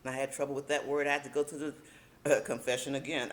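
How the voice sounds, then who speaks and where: A woman teaching a speaking workshop in a casual, emphatic way, slowing down to stress key points. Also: a bass voice, flat delivery.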